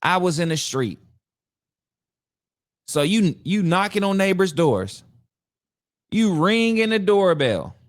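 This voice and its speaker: A man's voice: high-pitched, takes it slowly, long pauses, dry recording, clean studio sound. A man hosting a podcast, giving incredulous reaction commentary on a video and acting out the people in it. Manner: animated, incredulous, acts out quotes.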